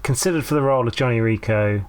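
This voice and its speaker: A man co-hosting a film podcast, telling relaxed anecdotes and trivia. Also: mid-range voice, fast talker, smooth. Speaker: podcast co-host. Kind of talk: casual film review chat.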